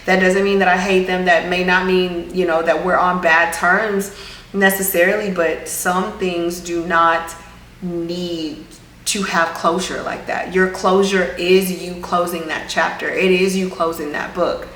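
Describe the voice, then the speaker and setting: A woman's voice: on the low side, level tone, measured pace, fairly bright tone. A woman vlog host giving a casual, earnest motivational talk, often circling back to repeat her point. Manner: earnest, repetitive, reflective. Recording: roomy room with faint background hum.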